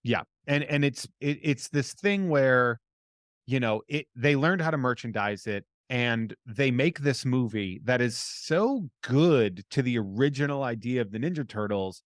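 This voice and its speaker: A man's voice: medium pitch, animated, unhurried, dry recording, studio quality. A man co-hosting a podcast in casual chat, blunt and opinionated, emphatically correcting the others. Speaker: podcast co-host.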